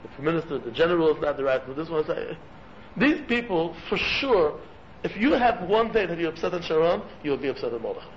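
A man giving an animated sermon-like talk as a religious teacher, jumping in pitch as he acts out stories and sprinkling in Hebrew and Yiddish terms, in a room with listeners. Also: brisk. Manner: animated, acts out quoted dialogue, sudden pitch jumps. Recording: muffled recording with faint room noise.

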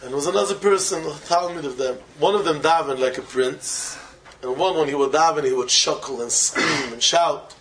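A man's voice: fairly high pitch, normal speed, a little hiss or hum. Man giving a Torah talk. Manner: animated, mixes Hebrew and Yiddish terms into English. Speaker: Torah teacher. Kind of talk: Talmudic discourse with a told story.

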